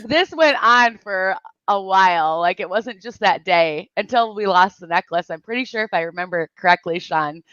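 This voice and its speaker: A woman's voice: mid-range voice, lively intonation, moderate pace, hardly any pauses, a bit bright, clear, resonant tone, no echo, lo-fi sound. A woman in her forties from Michigan, hosting a casual chat and telling stories, laughing often as she talks. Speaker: channel host.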